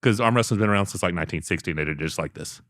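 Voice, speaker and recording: A man, telling animated stories as a podcast guest. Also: sits low, no echo, studio quality. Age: 40s. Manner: fast animated storytelling. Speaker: podcast guest, arm wrestler. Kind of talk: casual interview storytelling.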